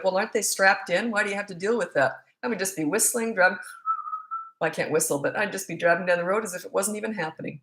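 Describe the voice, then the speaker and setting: A woman's voice: mid-range voice, quick pace, fairly bright tone. A middle-aged woman, a parenting coach, answering questions in a casual, blunt and joking way, rambling with asides. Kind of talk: casual Q&A monologue. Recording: roomy echo.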